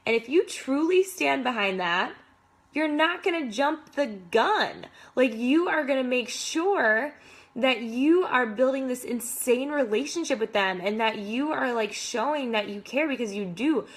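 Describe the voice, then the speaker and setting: A woman's voice: high voice, expressive, a little slow. A young adult woman, a fitness coach, giving enthusiastic, casual motivational advice to other coaches with lots of "like".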